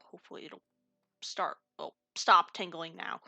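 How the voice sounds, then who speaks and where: A woman's voice: fairly low pitch, moderate pace, creaky, pushed and bright, dry recording, faint music behind. A woman hosting a casual voice chat on her gaming stream, teasing her friends and swearing freely.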